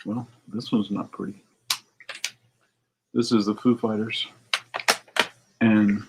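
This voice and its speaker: A man's voice: lowish voice, little pitch movement, slow pace, pauses often, background noise. Rambling man sorting CDs, muttering asides. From United States. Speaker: record store owner. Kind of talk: casual vlog talk while sorting CDs. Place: record shop.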